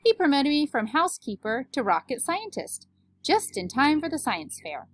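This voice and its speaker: A woman's voice: high-pitched, very animated, moderate pace, pitched above the performer's own voice. A woman doing a chirpy, literal-minded housekeeper. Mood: cheerful.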